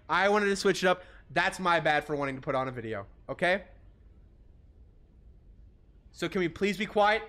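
A man's voice: sits high, sharp tone, voice pushed up. A man putting on the voice of a fed-up schoolteacher scolding a noisy class. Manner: exasperated, scolding, swearing.

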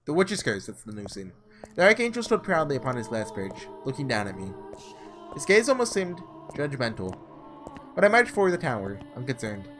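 A man hosting a game playthrough, reading the story aloud and breaking into excitable, rambling commentary. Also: medium pitch, moderate pace, faint music behind. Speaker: let's play host.

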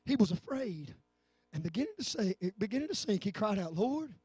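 A man preaching a fervent sermon in church, swinging from low talk to shouting. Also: big pitch swings, a little fast, breathy edge, dry recording, muffled recording. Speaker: pastor. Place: church sanctuary.

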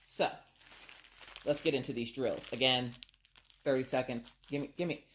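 A woman's voice: a bass voice, normal speed, slight background noise. A woman vlogger, chatting casually and expressively to viewers while unboxing craft kits.

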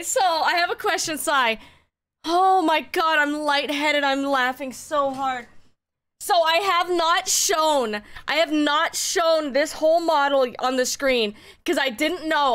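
A woman streaming and chatting, giddy, laughing a lot and swearing as she talks in excited bursts. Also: high-pitched. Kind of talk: excited casual stream chat.

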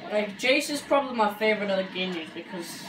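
A woman's voice: mid-range voice, lively intonation, quick pace, crowd noise. A woman commentating gameplay in a chatty, joking way, with many filler words. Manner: chatty, joking, says like a lot. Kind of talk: let's play commentary. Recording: echoey room, far from mic, game music.

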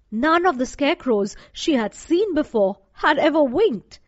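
A woman reading a children's story aloud for a class lesson, clear and deliberate. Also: sits high, dry recording. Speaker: teacher. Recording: dull dry lo-fi recording.

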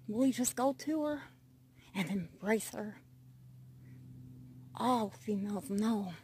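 A woman's voice: fairly high pitch, dark tone, breathy edge. A woman, casually narrating her pet cats as a playful mock drama while coaxing them along. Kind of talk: casual live narration of pets.

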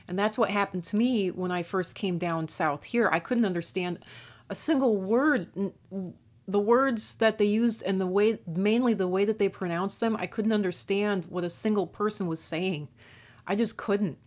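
A woman's voice: mid-range voice, moderate pace. Woman, faint Minnesotan accent, neutral American sound, casual rambling monologue, frequent restarts, video host. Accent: faint Minnesotan, mostly neutral American. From northern Minnesota, US. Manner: digressive, many restarts and fillers. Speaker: YouTube channel host.

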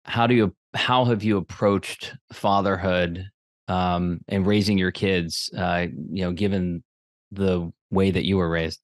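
A very low-voiced man hosts a podcast interview, asking polite questions with a few fillers. The sound is close and dry, with no room around it. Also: steady tone, unhurried, no echo. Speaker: podcast host.

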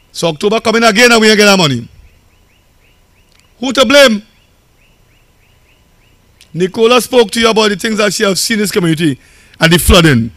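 A man's voice: very high-pitched, fairly quick, long pauses, sharp tone, no echo. A Trinidadian man, a local council chairman, giving a campaign rally speech in a conversational, storytelling way that often repeats phrases.

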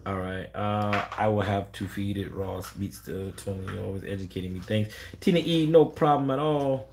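A man's voice: lowish voice, normal speed, noisy background. Blunt man on a live stream. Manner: blunt, animated, quotes callers in raised voices. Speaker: dog breeder answering live chat. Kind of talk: casual live stream chat.

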